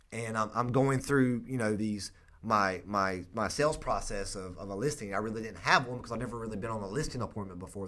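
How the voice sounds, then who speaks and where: A young man with a North Carolina accent, a real estate agent telling a personal story in an earnest, halting way. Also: lowish voice, fairly bright tone. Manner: earnest, emotional, halting with frequent restarts.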